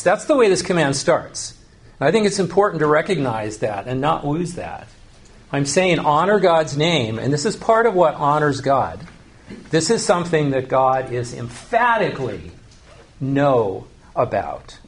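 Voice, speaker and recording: Earnest preacher man, slow stresses. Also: on the high side, very animated. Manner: earnest teaching, slows and stresses key phrases. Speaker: pastor. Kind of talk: sermon.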